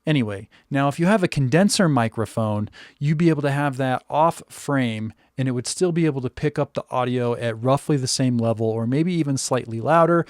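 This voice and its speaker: A man's voice: mid-range voice, a little fast, few pauses, no echo, clean studio sound. A man giving a casual, step-by-step spoken review of a microphone. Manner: relaxed, conversational, explaining step by step. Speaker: tech reviewer.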